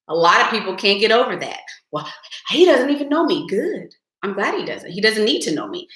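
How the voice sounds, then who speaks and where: A woman's voice: medium pitch, sharp tone. A young woman hosting a live stream, giving blunt, sassy advice straight to her viewers in casual chat. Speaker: livestream host giving advice. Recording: echoey room.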